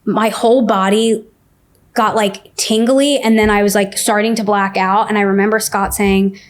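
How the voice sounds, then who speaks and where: A woman at a middle pitch talks openly about her own past as a podcast guest. Her storytelling is loose and conversational, scattered with "like" and "um." The delivery stays frank and unpolished. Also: steady tone, moderate pace. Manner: candid, says "like" often. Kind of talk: casual personal storytelling.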